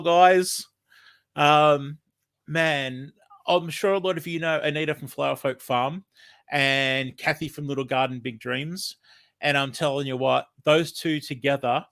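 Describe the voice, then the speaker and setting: A man's voice: mid-range voice, fairly bright tone. An Australian man hosting a casual livestream, chatting in a rambling, friendly way with lots of ums, a bit sniffly from hay fever. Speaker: livestream host.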